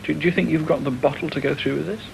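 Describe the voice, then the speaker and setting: A man fires off quick, probing interview questions from off camera, his voice gravelly and fairly high. He sounds distant from the mic, with faint background noise. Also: fairly even intonation, a little mellow. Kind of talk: documentary interview. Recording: distant voice in noisy archive recording.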